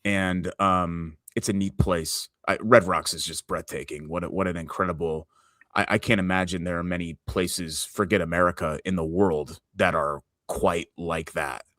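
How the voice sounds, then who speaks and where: A man co-hosting a sports talk show from a hotel room, talking in a hushed, easygoing way. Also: low-pitched, steady tone, normal speed, dry recording, studio quality. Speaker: podcast co-host.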